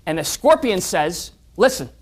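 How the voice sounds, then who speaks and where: A speaker giving a motivational talk at a club meeting, animated, telling stories and often repeating words on restarts. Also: mid-range voice, a little fast.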